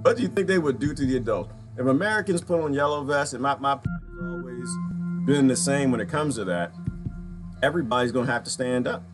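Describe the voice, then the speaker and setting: A man's voice: mid-range voice, fast talker. A man giving a fired-up, repetitive political rant while commenting on a video clip. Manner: impassioned, repetitive, preachy. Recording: music playing underneath.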